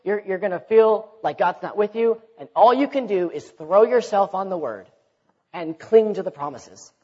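A man's voice: high-pitched, lively intonation, moderate pace, darkish tone, husky. A man preaching a sermon in a conversational way, often repeating words and acting out quoted speech. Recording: dull recording in a reverberant hall.

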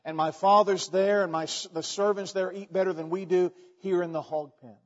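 A man's voice: high-pitched, steady tone, moderate pace. A man speaking the lines of a repentant young man returning home, in an earnest, plain voice. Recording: dull, echoey hall recording.

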